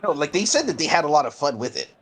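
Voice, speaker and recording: A man's voice: a little high, very fast. Chatty man calling wrestling game action. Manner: chatty, bursts into excited play-by-play. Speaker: streamer and host. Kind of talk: casual gameplay chat and commentary.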